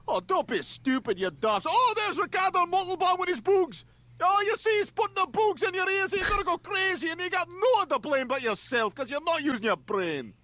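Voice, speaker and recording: Scottish cartoon man yelling at his tv, high squawky voice, scolding nonstop, swoops up and down. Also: big pitch swings, brisk, full character voice. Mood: ranting. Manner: scolding, ranting, shouting at characters on screen. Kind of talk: cartoon voice acting.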